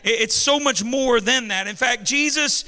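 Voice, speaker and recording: Man, pastor, call-and-response sermon, very high voice, long hall reverb. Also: moderate pace, bright, forceful tone. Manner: emphatic call-and-response preaching. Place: large church hall.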